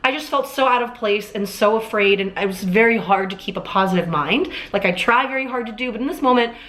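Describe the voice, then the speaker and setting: A woman's voice: mid-range voice, a little fast, fairly bright tone. A young woman in her twenties recounting a personal ordeal straight to camera. She rambles in a casual, filler-heavy way, doubling back and restarting her sentences as she goes. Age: 20s. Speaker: vlogger. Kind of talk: emotional storytelling to camera. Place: Los Angeles.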